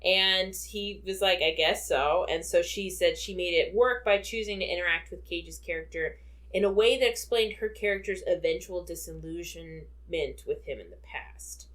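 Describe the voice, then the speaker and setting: A woman's voice: on the low side, moderate pace, fairly bright tone. A woman co-hosting a podcast, chatting casually about a film with many fillers and frequent laughter. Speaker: podcast co-host.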